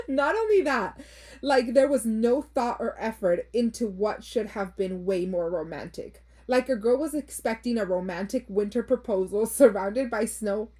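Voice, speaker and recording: Woman in her 30s, kinda husky, higher voice, chatty blunt host who cusses and throws in spanish. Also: dark tone. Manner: chatty and blunt, swears, mixes in Spanish phrases. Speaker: podcast host reading listener stories. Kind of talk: casual chat.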